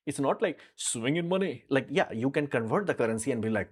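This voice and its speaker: A man chats through viewer questions on a live stream. His voice sits at an ordinary middle pitch. He talks bluntly and rambles, with plenty of "uh" and "like". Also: sing-song, fairly quick, hardly any pauses, slightly rough. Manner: rambling, filler-heavy, frank and blunt. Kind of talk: casual live Q&A chat.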